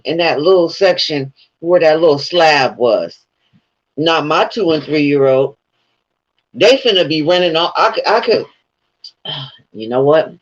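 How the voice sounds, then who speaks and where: A man with a slightly raised pitch rambles through a profane, loose story in a casual commentary. The recording sounds dull and lo-fi, lacking any crispness. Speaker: vlogger.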